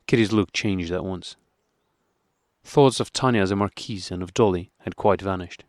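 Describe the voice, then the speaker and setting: A male audiobook narrator reading a classic novel with measured, even delivery. His voice sits low. The recording is dry and close, with no room sound. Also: no room sound.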